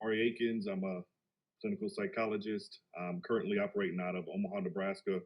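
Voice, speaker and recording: A man from Texas speaking as a psychologist on a panel, measured and reflective, with filler words. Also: sits low, little pitch movement. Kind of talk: casual panel discussion. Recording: dull lo-fi recording.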